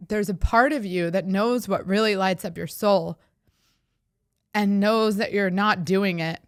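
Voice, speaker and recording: A woman's voice: medium pitch, measured pace, dry recording, clean studio sound. A woman, hosting a podcast and speaking in a heartfelt, reflective way, often laughing as she talks. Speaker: podcast host. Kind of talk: personal reflective monologue.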